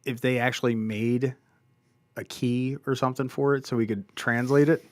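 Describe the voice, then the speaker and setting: Animated man co-hosting a comic review. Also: mid-range voice, normal speed, no echo, studio quality. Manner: animated, enthusiastic, swears casually. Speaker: comic book podcast co-host. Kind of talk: casual review chat.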